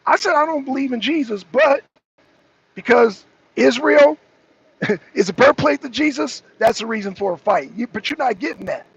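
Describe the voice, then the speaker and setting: This man, co-hosting a political talk show, has a very high-pitched, expressive voice with a breathy edge, speaking at normal speed. He argues heatedly, says things over and over, and ridicules the people he's answering. Faint noise runs through the dull, lo-fi stream audio.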